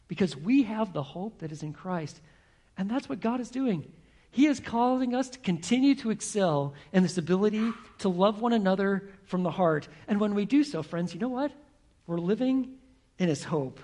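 A male pastor preaching to his congregation in a gravelly, husky voice that sits a little high for a man. He tells a story and keeps asking his listeners questions, drawing them into it. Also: darkish tone. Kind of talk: sermon.

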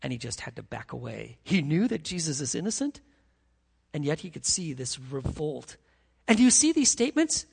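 A man preaching a sermon as pastor, emphatic and animated, reading scripture dramatically. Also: on the high side, moderate pace, creaky, slightly rough, big-room sound.

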